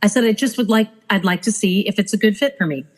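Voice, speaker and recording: A woman's voice: mid-range voice, fast, rough recording. A woman, a former cruise director, telling stories in a casual podcast chat and acting out the people she quotes. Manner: animated, acts out quoted people. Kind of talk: casual storytelling.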